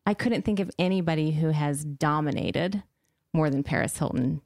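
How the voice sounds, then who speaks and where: A woman's voice: deep voice, normal speed, darkish tone. A woman hosting a podcast, leading a casual interview and speaking with enthusiasm and admiration for her guest. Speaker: podcast host.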